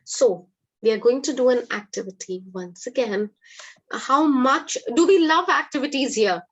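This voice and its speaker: A woman's voice: on the high side, lively intonation, moderate pace, dull audio. Upbeat woman teaching online. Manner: upbeat, encouraging, quizzes the audience. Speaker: English teacher hosting a webinar. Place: online webinar.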